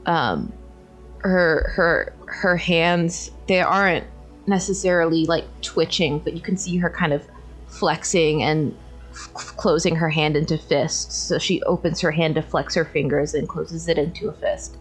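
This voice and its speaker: A woman's voice: low-pitched, a little slow, breathy edge, faint music behind, rough recording. A woman playing a tabletop game, hesitantly describing her character's actions with many "like"s. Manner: hesitant, full of "like". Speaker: player.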